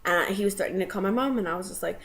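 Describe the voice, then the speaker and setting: A woman's voice: mid-range voice, very fast, a bit bright. A young woman casually telling a personal story to camera, rambling with many fillers. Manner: rambling, filler-heavy, with tearful laughing bursts in quotes.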